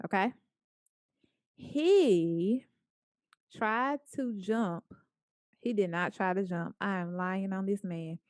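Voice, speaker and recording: A woman speaker telling a story to a small group in a lively, playful way, acting out the lines of the people in it. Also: medium pitch, takes it slowly, long pauses, dry recording, clean studio sound. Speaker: guest speaker.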